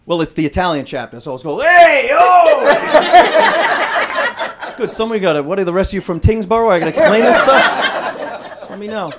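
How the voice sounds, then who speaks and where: A man's voice: high voice, fast. A man from doing a brash, punchy stand-up routine and working the crowd. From Rhode Island, USA. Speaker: stand-up comedian. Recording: live club recording, audience laughter. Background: crowd laughter, noise.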